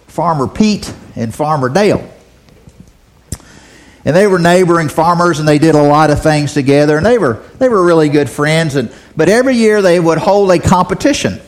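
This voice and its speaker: A man teaching a Bible lesson, telling a folksy story and often repeating words as he talks. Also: fairly high pitch. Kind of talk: sermon.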